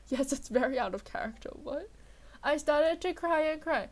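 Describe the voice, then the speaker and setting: A young woman with a slightly high voice and a sore throat gives a mock-dramatic comedic reading. She delivers the lines with exaggerated flair, then drops into exasperated, sarcastic asides. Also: moderate pace. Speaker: dramatic reader of a fanfic.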